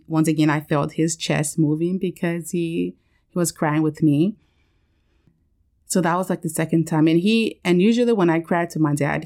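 A woman's voice: low-pitched, darkish tone. A woman hosting a podcast, telling a candid, emotional personal story with many fillers and restarts. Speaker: podcast host.

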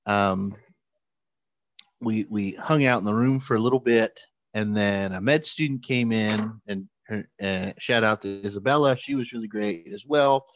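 A man's voice: lowish voice, moderate pace, no room sound. A man telling a funny story in casual chat, acting out the people in it and laughing as he goes. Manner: animated, acts out quoted voices with laughs.

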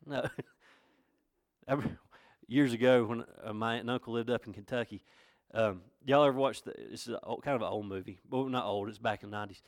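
In a church setting, a male pastor from North Carolina speaks with a Southern accent, his medium-pitched voice steady and fairly quick. His sermon is folksy and conversational, building to emphatic questions, and the clean studio recording has no room sound.

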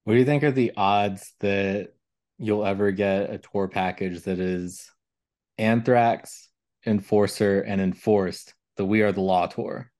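A man hosting a podcast, asking relaxed, unhurried interview questions. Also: on the low side. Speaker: podcast host. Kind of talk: casual interview chat.

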